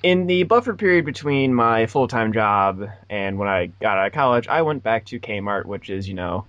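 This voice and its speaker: A man's voice: lowish voice, lively intonation, normal speed, fairly bright tone, dry recording, highs cut off. A young man in his twenties hosting a podcast, telling a rambling story in a sarcastic, casual way. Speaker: podcast host. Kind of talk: casual chat.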